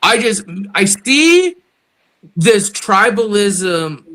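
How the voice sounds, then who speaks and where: A man hosting a livestream who asks questions haltingly, often restarting his sentences. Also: high voice, big pitch swings, bright, forceful tone. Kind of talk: casual chat.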